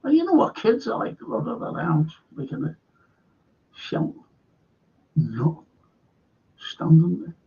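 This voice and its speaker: A man hosting a live-streamed show, telling a rambling story in a halting way and repeating words for emphasis. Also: on the high side, huge pitch swings, vocal fry, mellow, slightly rough, highs cut off. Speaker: host of a live-streamed current affairs show. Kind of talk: casual rambling storytelling to viewers.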